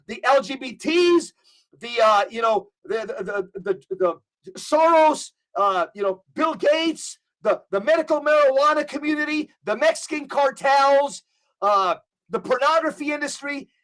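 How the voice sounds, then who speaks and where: A man's voice: very high-pitched, lively intonation, unhurried, fairly bright tone. A man giving impassioned commentary as a guest, fervent and preachy, rattling off long lists.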